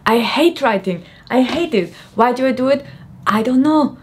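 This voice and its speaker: A woman's voice: high-pitched, animated, moderate pace, slight background noise. A young woman rambling in a comedic vlog, frazzled and worn out, self-mocking and giggly. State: frazzled and mentally tired. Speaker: vlogger.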